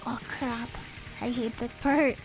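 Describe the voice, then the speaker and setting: Brief: bright, high-pitched woman game streamer, rambling and playful, slightly sniffly. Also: fairly even intonation, slow, low-quality recording. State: a little sniffly. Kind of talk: casual game stream chat. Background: faint game music.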